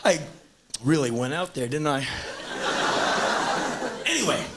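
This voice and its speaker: A man's voice: fairly high pitch, big pitch swings, unhurried. A man in his thirties doing a blunt, punchy stand-up monologue on stage, swinging into acted voices, on a hissy live tape. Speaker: stand-up performer. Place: stage in a large venue.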